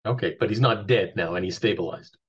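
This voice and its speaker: A man playing a tabletop game, talking in halting, stammering restarts. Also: fairly low pitch, breathy edge, highs cut off. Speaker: player. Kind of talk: casual tabletop play chat.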